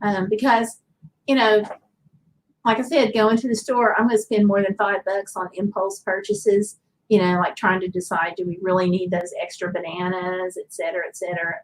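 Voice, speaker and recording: A woman with a Southern accent hosts a casual livestream, chatting in a loose, rambling way and reading viewer comments aloud. Her mid-range voice has a flat delivery at a normal speed. The recording is low quality.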